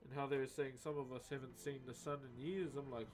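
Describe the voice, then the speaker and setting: A man's voice: mid-range voice, steady tone, a little fast, hardly any pauses. A man chatting casually with his live-stream viewers while he carves, laid-back and chatty, peppering his talk with "eh?" and "bro". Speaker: livestreamer. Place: home streaming setup while wood carving. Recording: music bed under voice. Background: music playing.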